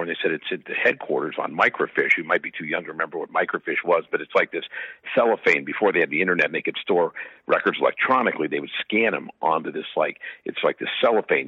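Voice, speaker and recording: A man's voice: extremely low pitch, husky, no room sound. A man guest in an interview, chatting through long rambling anecdotes with fillers, heard on slightly muffled audio. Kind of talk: casual storytelling.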